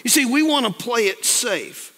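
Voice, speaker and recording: Pastor, man in his 50s, folksy preacher; bright, husky voice in a reverberant church hall. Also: very high-pitched, expressive, normal speed. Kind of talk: sermon. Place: church sanctuary.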